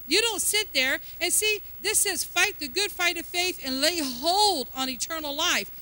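Lady preaching, folksy and punchy, real bright edgy voice, keeps asking the church stuff. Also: extremely high pitch, measured pace. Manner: folksy, emphatic, asks the congregation questions. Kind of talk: sermon.

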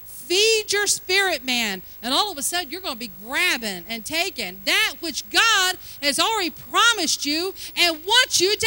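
An older woman preaching a sermon, building from chatty asides to fervent, loud exhortation. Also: extremely high pitch, rough recording. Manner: fervent, rising to loud exhortation, drawn-out emphasis.

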